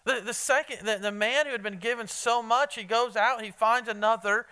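Male preacher, high bright voice, crisp and clean, chatty and emphatic, quizzes the room. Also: steady tone, moderate pace. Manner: conversational, quizzes the congregation, emphatic. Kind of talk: evening sermon with Bible reading.

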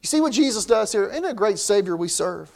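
A man's voice: high-pitched, expressive, quick pace, creaky, darkish tone. A man preaching a sermon as pastor, in a conversational way that often repeats words.

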